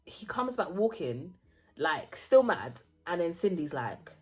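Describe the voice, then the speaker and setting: Young vlogger, lively storyteller, wide-ranging voice, soft music under. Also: female voice, lowish voice, a little slow. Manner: animated, acts out voices, laughs often. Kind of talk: casual storytime.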